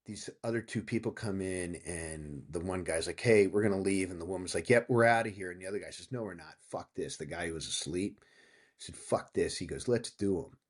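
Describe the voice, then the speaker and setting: A man's voice: deep voice, brisk, husky. A man in his fifties from Pennsylvania, a guest author telling a story in a casual interview, acting out what people said and swearing freely. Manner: animated storyteller, acting out quotes, frequent profanity.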